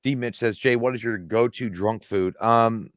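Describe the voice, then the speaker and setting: A man's voice: medium pitch, moderate pace, no echo. A man co-hosting a live stream, reading viewer comments aloud and answering them in a loose, profane, rambling way. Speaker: live show co-host reading chat. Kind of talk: casual live-stream chat.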